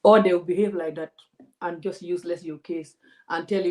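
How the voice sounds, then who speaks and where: A woman, a vlogger giving animated, indignant commentary to her audience. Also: fairly low pitch, brisk, rough recording. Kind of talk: casual commentary to a live audience.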